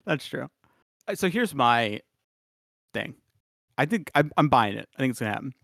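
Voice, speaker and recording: Dude cohosting a football podcast, rambly and chill, dead dry mic. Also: male voice, mid-range voice, very animated, normal speed, creaky, fairly bright tone, no room sound. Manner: rambling, laughs at himself. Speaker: podcast co-host. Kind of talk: casual sports chat.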